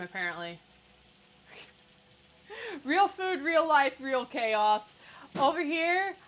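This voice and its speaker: A woman hosts a cooking livestream from her home kitchen, chatting casually and tossing in sarcastic jokes. Her high voice is bright and forceful, and the recording is rough.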